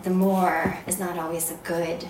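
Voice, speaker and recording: A woman sharing a personal story of faith in an unhurried, soft voice that often trails into a whisper. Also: lowish voice, little pitch movement. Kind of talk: personal testimony talk. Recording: echoey room, voice from far off, background noise.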